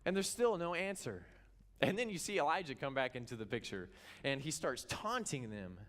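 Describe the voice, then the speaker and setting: Man preaching a lively story sermon. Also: fairly high pitch, moderate pace. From Kansas. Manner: animated storytelling, acting out the characters. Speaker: pastor. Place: church.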